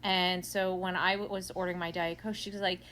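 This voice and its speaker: Brief: American woman, lowish voice, lively storyteller, faint room hiss. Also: brisk. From United States. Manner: animated storyteller, acts out quotes. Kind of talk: casual anecdote.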